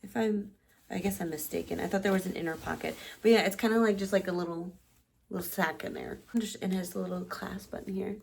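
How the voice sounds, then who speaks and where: A woman in her thirties casually showing keepsakes to the camera, rambling with restarts and sounding nostalgic and softly sentimental. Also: mid-range voice, steady tone, brisk, creaky, breathy edge. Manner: softly sentimental, near tears at times; sleepy late-night talk. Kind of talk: casual show-and-tell chat.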